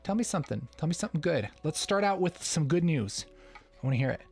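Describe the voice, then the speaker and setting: A man's voice: on the high side, animated, fast, darkish tone, soft background music. Upbeat man hosting a livestream. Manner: playful, chuckles often, reads chat aloud. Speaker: livestream host. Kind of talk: casual livestream Q&A.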